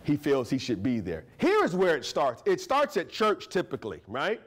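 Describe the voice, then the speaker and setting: A man giving a lively, conversational guest lecture as a history professor, joking and often checking in with his audience. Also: on the high side, moderate pace. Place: university lecture to a live audience.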